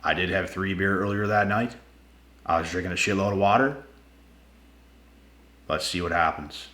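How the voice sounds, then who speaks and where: A man telling a personal story to his viewers in a casual, animated way, slangy and swearing freely. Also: sits low, normal speed, echoey room.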